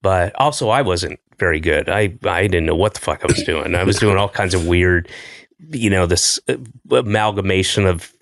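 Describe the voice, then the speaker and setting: A middle-aged man from Atlanta, a podcast host, talking in a rambling, halting way with lots of fillers. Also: low voice, fairly bright tone, dry recording, clean studio sound. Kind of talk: casual interview chat.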